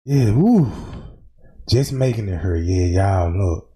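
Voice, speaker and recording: Slow emphatic man narrating footage. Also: low voice, expressive, warm tone. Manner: emphatic, slangy, pointing things out. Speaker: commentator walking through footage. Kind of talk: casual commentary over video.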